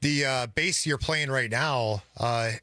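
A man's voice: medium pitch, takes it slowly, pushed and bright, no room sound. A man hosting a live radio music show, announcing the band and questioning guests with upbeat patter. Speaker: radio host. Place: radio studio behind glass.

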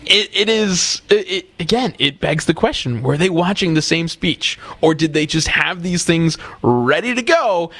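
A man co-hosting a casual political talk show, speaking in a measured way and restarting with repeated words. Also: on the high side, lively intonation, fairly bright tone, no room sound.

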